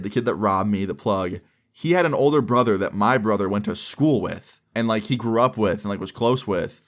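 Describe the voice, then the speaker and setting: A man's voice: fairly low pitch, moderate pace. Laid-back young man telling a story. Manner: laid-back storytelling full of "like" fillers, acting out quoted dialogue. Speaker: storytime vlogger. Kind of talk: casual storytime narration.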